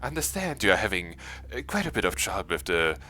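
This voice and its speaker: Man voicing a courteous zombie mastermind, formal and measured, low voice, bright tone, game. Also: big pitch swings, slight background noise, full character voice. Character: polite undead zombie mastermind gentleman.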